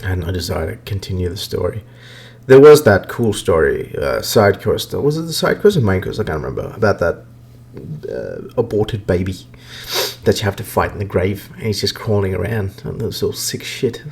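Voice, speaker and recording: A man's voice: low voice, sing-song, normal speed, vocal fry, a little mellow, slightly rough. A man hosting a podcast, ranting bluntly and profanely about video games in casual talk. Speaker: podcast host. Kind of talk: casual gaming rant.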